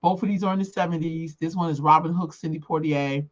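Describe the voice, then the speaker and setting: An older woman co-hosting a casual chat, outspoken and emphatic, moving between calm reflection and heated rants. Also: deep voice, quick pace, lo-fi sound. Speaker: co-host.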